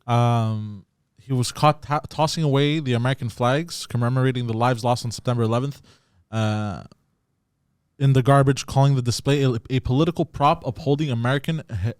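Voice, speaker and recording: A man on a comedy podcast reading out news stories in a halting way, stumbling over words. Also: medium pitch, steady tone, clean tone, no echo, studio quality. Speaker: podcast regular who reads out news. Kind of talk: casual comedy chat.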